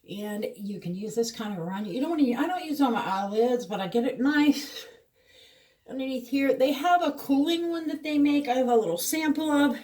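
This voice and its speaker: This beauty vlogger is a middle-aged woman whose voice is fairly high, and the mic sounds distant. She walks through her skincare routine in a chatty, meandering way, dropping fillers often.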